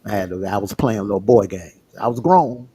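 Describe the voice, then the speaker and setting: A man's voice: fairly low pitch, moderate pace, dark tone, a little hiss or hum. A man frankly telling his own relationship story on a livestream, often repeating words as he gathers his thoughts. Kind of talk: casual personal storytelling.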